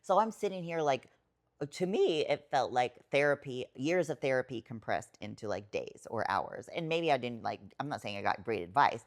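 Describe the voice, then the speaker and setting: Deep-voiced woman rambling thru a personal story, lots of likes and swearing. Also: animated, moderate pace. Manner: rambling, filler-heavy, swears freely, emotional. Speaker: podcast guest, writer and poet. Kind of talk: casual storytelling conversation.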